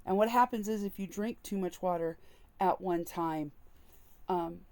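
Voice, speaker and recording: A woman's voice: on the low side, a little slow, darkish tone. A woman vlogger speaking candidly and emotionally as she tells a personal story to the camera. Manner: earnest, candid, openly emotional. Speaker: vlogger sharing personal experience.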